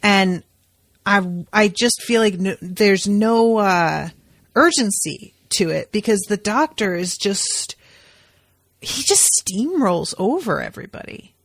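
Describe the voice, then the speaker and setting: A woman co-hosting a podcast, chatting casually and telling stories in an animated way with the odd swear word. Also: medium pitch, slow pace, no room sound. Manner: animated, profane storytelling. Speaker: podcast co-host.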